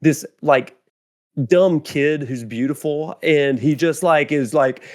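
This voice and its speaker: Animated storytelling man in his forties. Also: on the high side, slow. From United States. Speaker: podcast host. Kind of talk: casual podcast chat.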